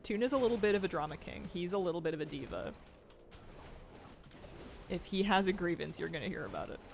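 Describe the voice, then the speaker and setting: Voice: medium pitch, expressive, fast talker, vocal fry, a little hiss or hum. A streamer chatting casually at a home desk while gaming, reading out viewer messages and cooing at a pet cat in a playful baby voice. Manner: reads out and answers viewer chat.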